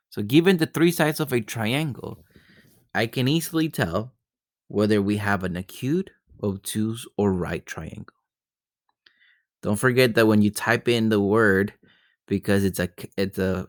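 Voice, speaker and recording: A man's voice: on the low side, no room sound, clean studio sound. A male math teacher working through geometry problems step by step, often repeating himself and checking in with "right?". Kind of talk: recorded math lesson.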